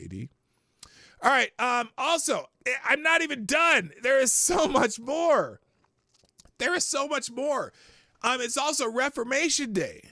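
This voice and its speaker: A man's voice: a little high, pushed and bright, no room sound, clean studio sound. A man hosting a live morning news show, talking casually and rambling off the cuff, with the odd swear. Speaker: host.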